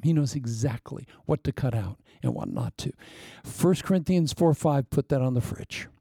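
Gravelly-voiced man preaching fervently. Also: mid-range voice, warm tone, no room sound, clean studio sound. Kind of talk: sermon ending in prayer.

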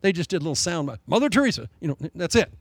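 A middle-aged man delivers a sermon in a gravelly voice set a touch high. He preaches with animation, swinging his pitch and volume widely as he acts out the story. The sound is close and dry. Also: rapid-fire, no room sound. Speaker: pastor.

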